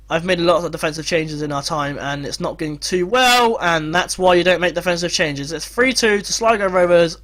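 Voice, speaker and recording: Young man, fairly high voice, excitable gaming commentary with yelling at big moments. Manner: shouts and cheers at goals, frantic play-by-play. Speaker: gaming YouTuber. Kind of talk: excited football game commentary.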